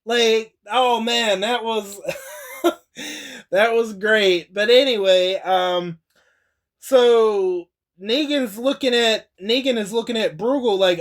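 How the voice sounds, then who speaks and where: A man's voice: sits high, takes it slowly. A young man casually recapping a TV episode, loose and swearing, laughing as he goes. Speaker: TV episode reviewer.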